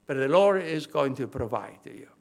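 An older man, a pastor, preaching a sermon with fervent emphasis, halting starts and repeated phrases. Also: medium pitch, expressive, creaky.

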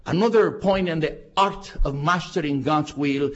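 Husky, high-pitched preaching pastor. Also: male voice, normal speed, hardly any pauses. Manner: emphatic preaching with rhetorical questions and repetition. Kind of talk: sermon. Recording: dull lo-fi recording.

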